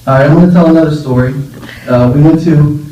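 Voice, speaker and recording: A young man talks fast in a slightly high voice, the audio dull, as he offers an informal tribute at a memorial gathering. His stories are warm and rambling, with many fillers and laughs, and the echoey room, faint noise and distance from the mic are audible.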